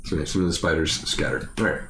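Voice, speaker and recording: A man's voice: extremely low pitch, fast, fairly bright tone. A man running a tabletop game as game master, talking casually, swearing now and then and laughing often. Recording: roomy mic with background noise.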